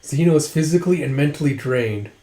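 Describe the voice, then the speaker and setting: A man casually recapping an anime episode, animated, acting out the characters' quotes as he goes. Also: a little high, fast talker. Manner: animated, acts out quotes, says "it's like" often. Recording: roomy echo.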